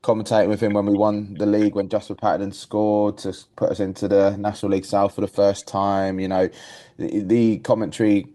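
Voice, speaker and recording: A man's voice: lowish voice, level tone, fairly quick, mellow. A man co-hosting a podcast in casual chat, rambling with many restarts. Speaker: podcast co-host.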